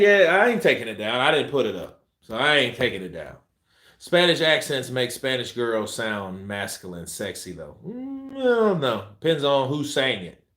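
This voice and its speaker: A man's voice: on the low side, sharp tone. A man hosting a boxing live stream, reading viewer comments in a loose, joking way and laughing often. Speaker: boxing channel host. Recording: roomy echo.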